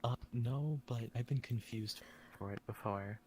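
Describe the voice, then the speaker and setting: A man from Minnesota chatting casually, talking softly and low so he won't wake the people around him. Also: a little slow, crowd noise. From Minnesota, USA. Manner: soft, low, careful voice to avoid waking others. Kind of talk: casual chat.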